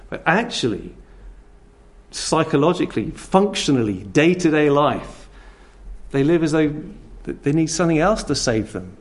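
A man's voice: on the high side, darkish tone. Earnest preacher man, pressing questions. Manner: earnest, presses listeners with repeated direct questions. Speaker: pastor. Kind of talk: sermon.

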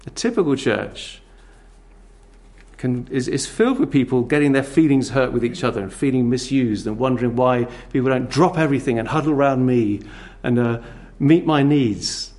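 A man preaching a sermon in a conversational, animated way, full of rhetorical questions. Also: medium pitch, normal speed.

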